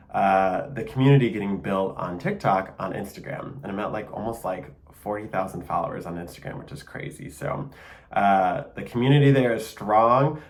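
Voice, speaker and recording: A young man with a Michigan accent hosting a casual solo podcast, chatty and enthusiastic, with plenty of fillers and small laughs. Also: fairly low pitch. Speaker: podcast host.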